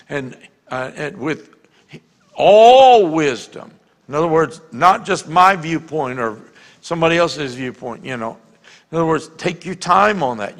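Male pastor, sermon, conversational, deliberate, slightly higher voice, long hall reverb. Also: a bit bright. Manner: conversational, repeats words, reads scripture slowly and with emphasis. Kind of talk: sermon teaching. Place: church sanctuary.

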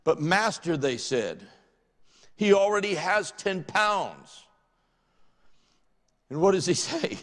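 A male pastor with a Southern US accent delivers a sermon. He reads the passage aloud and then unpacks it in plain, everyday words, his fairly high voice carrying. The church audio rings with a long hall reverb. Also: sing-song, slow pace, long pauses, fairly bright tone. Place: church sanctuary.

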